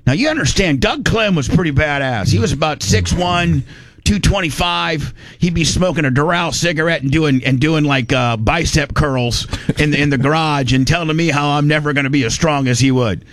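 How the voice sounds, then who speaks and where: A man's voice: a little high, moderate pace, a bit bright. A middle-aged man from Indiana, hosting a podcast and telling a long, rambling story in a folksy way, full of restarts. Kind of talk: casual storytelling.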